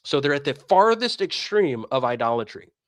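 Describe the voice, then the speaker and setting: A man delivers heated religious commentary and hammers his points home with pointed rhetorical questions. His fairly high voice swings up and down constantly. The sound is dry and close, with no room echo. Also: big pitch swings, moderate pace. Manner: combative, emphatic, fires rhetorical questions. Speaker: streamer and commentator.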